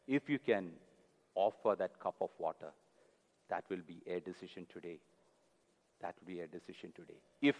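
A man's voice: on the low side, darkish tone, muffled recording. A man preaching a sermon, earnest and pleading, repeating his key phrases for emphasis. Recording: long hall reverb.

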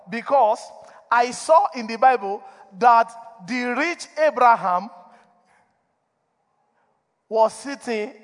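A man preaching a sermon as a pastor, animated, asking for responses from the congregation and laughing between points. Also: very high-pitched, slow, pauses often. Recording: long reverb of a church hall.

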